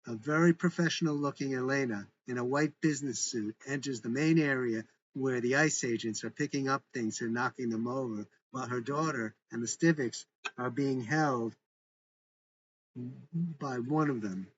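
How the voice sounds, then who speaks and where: A man's voice: mid-range voice, normal speed, muffled recording. A man reading a script aloud with stage directions in a plain, matter-of-fact way. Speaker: narrator and author.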